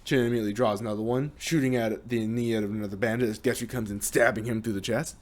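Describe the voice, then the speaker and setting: A man's voice: on the low side, quick pace. Casual young man telling a game story. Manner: lively, hesitant retelling with restarts.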